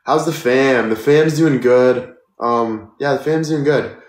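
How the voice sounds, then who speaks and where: A man's voice: mid-range voice, takes it slowly, reverberant. A young man in his twenties, chatting casually on a live stream and thanking viewers for gifts, tired and sore. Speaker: livestreamer.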